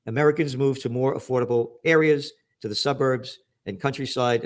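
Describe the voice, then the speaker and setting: A middle-aged man ranting through news headlines, profane and angry, shouting to stress his points. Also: medium pitch. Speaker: trends commentator.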